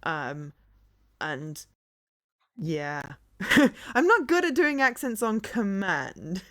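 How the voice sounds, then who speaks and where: A woman's voice: medium pitch, very animated, drawn-out words, a bit bright, no echo, studio quality. A woman in her forties with a fairly neutral English accent, chatting casually on a live game stream, rambling and self-deprecating with lots of fillers and restarts. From English Midlands. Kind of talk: casual live-stream chat while gaming.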